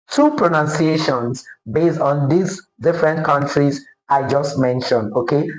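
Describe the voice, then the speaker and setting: A man teaching English pronunciation, deliberate and repetitive, often checking in with his listeners. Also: a little high. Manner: deliberate, repeats words and checks in with "okay?". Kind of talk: classroom-style pronunciation lesson. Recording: roomy echo.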